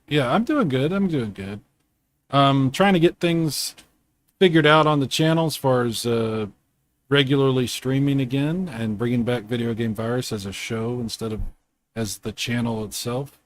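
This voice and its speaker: A man hosting a casual video game chat from home, rambling and quick to laugh. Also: medium pitch. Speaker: host.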